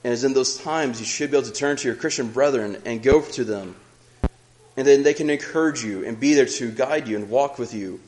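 A man's voice: mid-range voice, a little mellow, a little hiss or hum, low-quality recording. Earnest male preacher giving a sermon. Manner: earnest, measured, reads scripture aloud.

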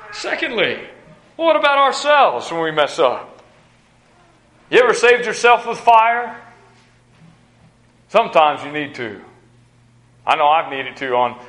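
A man's voice: high-pitched, bright, forceful tone, echoey room, low-quality recording. A male preacher giving a sermon, emphatic, repeating phrases and restarting with stammers.

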